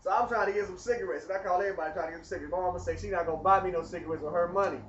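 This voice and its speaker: A man telling a rambling personal story in casual, animated talk. He speaks straight to the viewer and keeps asking whether they follow. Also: high-pitched, rapid-fire, dull audio, slight background noise. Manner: animated, talks straight to the viewer, keeps asking "you know what I mean". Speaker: vlogger telling his story.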